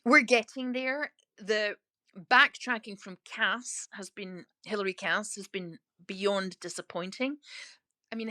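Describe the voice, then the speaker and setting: A Scottish woman in her sixties talking in an interview, emphatic and outspoken with quick laughs. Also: mid-range voice, bright, forceful tone, no room sound. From Scotland. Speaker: interviewee, author turned lorry driver. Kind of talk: casual interview talk.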